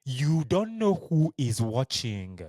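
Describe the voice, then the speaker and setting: A man's voice: medium pitch, very animated, takes it slowly, a little mellow, no echo. A man with a Nigerian accent, a native Igbo speaker, hosting a solo podcast in an earnest, heartfelt way and speaking tenderly to his listeners. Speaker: podcast host.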